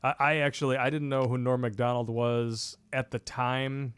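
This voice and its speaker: A man in casual livestream banter, joking and sarcastic, laughing often as he reads viewer messages. His voice sits at an ordinary pitch, recorded dry and close with no room sound. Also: little pitch movement, moderate pace, fairly bright tone, smooth, no echo. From Michigan, USA. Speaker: podcast co-host reading super chats.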